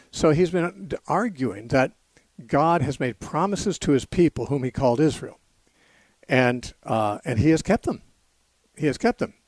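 A man teaching the Bible as host of a call-in radio show. He explains in a measured, patient way and stops to correct his own wording. The sound is dry and close, with no room around it. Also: mid-range voice, no room sound.

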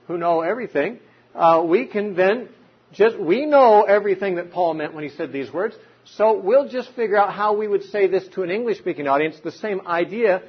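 Guy teaching bible stuff, kinda husky voice, dull lo-fi recording. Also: sits high. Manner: explanatory, uses examples and rhetorical questions. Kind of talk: unscripted teaching talk.

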